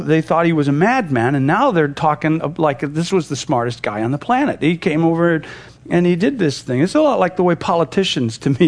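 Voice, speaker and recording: A male pastor teaching a Bible passage verse by verse, in a conversational manner that retells the scenes in lively paraphrase. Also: a little high.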